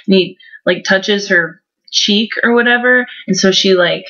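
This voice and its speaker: A woman's voice: mid-range voice, steady tone, normal speed, fairly bright tone. Sarcastic young woman recapping a book. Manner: mocking, sarcastic, heavy use of "like". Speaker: book reviewer vlogger. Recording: dull lo-fi home recording.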